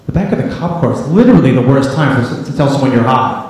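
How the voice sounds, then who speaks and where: A young man doing stand-up comedy on a club stage, telling stories in a deadpan way and acting out his family and the police. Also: medium pitch, fast talker. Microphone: handheld stage mic. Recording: live club recording, roomy echo, crowd laughter. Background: audience laughter.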